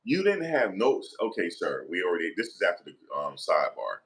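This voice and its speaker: A man's voice: low voice, huge pitch swings, brisk, fairly bright tone, breathy edge, exaggerated voice. A man playing a fired-up male defense lawyer in a comedic role-play, incredulous and pleading, who keeps rephrasing his questions. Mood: apologetic.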